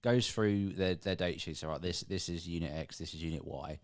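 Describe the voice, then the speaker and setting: A man with a very low voice co-hosts a casual podcast. He talks in stops and starts, restarting phrases as he works out what he means. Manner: halting, restarts as he builds a question. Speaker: podcast co-host. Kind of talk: casual chat.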